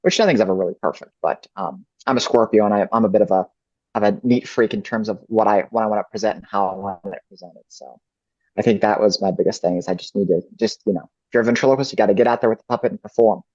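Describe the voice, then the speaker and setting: Man, low voice, reflective interview answers, dry dull lo-fi sound. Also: quick pace, darkish tone, dry recording. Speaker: ventriloquist guest.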